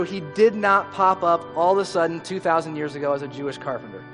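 Guy pastor preaching, kinda high voice, earnest, long church echo, soft music underneath. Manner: earnest, emphatic preaching with dropping phrase endings. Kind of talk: sermon. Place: church sanctuary. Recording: hall reverb with faint music.

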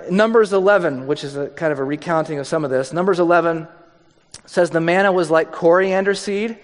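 A man's voice: on the high side, big-room sound. A male pastor giving a conversational, joking sermon.

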